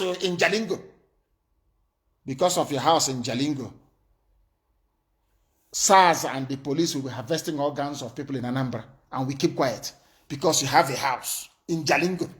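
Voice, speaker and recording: Male broadcaster, fiery defiant address, slightly high-pitched, emphatic. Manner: defiant, emphatic, with rhetorical questions. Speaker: political broadcaster. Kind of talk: impassioned political address.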